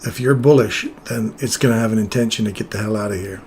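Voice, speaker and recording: A man's voice: on the low side, steady tone, quick pace, a little mellow, slight background noise. A man explaining chart setups in casual live trading commentary, chatting with viewers as he goes. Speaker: trading streamer.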